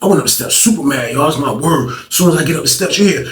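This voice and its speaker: Man storyteller, a bit high-pitched, slangy and animated, recorded distant in an echoey room. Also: quick pace. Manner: animated, slangy, repetitive, acts out quotes. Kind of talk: casual storytelling.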